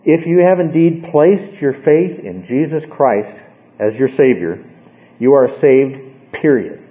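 A man's voice: medium pitch, animated, takes it slowly, narrow, tinny audio. A man teaching a Bible study to a class, explaining a passage and often checking in with "okay?".

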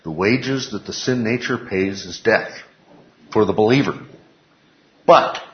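A man's voice: on the low side, measured pace, a little hiss or hum. Emphatic man teaching a Bible class. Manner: emphatic, repeats key phrases, asks the class questions. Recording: echoey room, dull lo-fi sound.

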